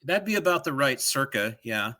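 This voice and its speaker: A middle-aged man co-hosting a podcast in casual chat, digressive and animated, drifting into joke voices. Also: mid-range voice, normal speed. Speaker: podcast co-host.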